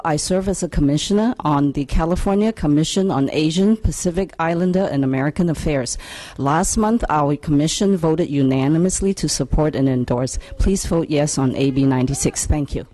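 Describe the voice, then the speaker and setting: A woman's voice: low voice, moderate pace, mellow. A woman who serves as a state commissioner, giving polite, formal testimony.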